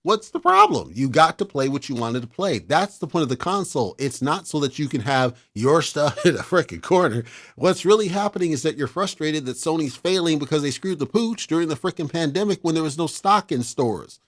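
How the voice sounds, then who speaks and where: A man's voice: on the high side, lively intonation, brisk, few pauses. A man hosting a casual talk show, giving blunt, exasperated opinions in a lecturing rant.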